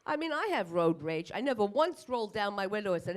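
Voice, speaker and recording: On a club stage, a fifty-something woman delivers brash, profane stand-up, acting out asides between crude punchlines. She speaks quickly in a sing-song, mid-range voice, with few pauses.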